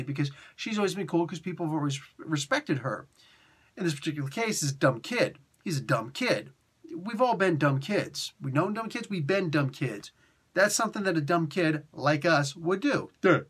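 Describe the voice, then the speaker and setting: A man's voice: a little high, fairly bright tone, breathy edge. A man hosting a casual comic book review, talking in a rambling, chatty way full of fillers and restarts.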